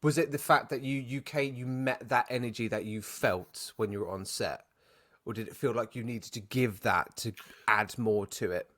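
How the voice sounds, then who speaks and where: British man, podcast host, mid-pitched, hesitant, keeps rephrasing, casual interview. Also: normal speed, fairly bright tone. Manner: hesitant, rephrasing his question.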